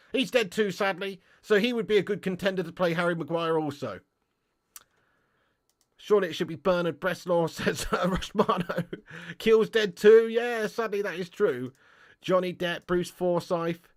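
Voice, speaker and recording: A young man hosting a football fan live stream, chatting casually with viewers in a banterous, sweary way and chuckling between points. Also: high voice. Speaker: fan channel host.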